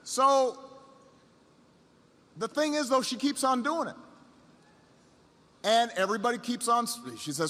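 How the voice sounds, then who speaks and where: A middle-aged man with a high, bright voice tells a story as a political speaker. He stumbles and repeats phrases, then swells into shouted rallying calls. His voice rings out with a long echo through a large hall. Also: lively intonation. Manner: halting repetitions, building to shouted rallying lines. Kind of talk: storytelling campaign speech.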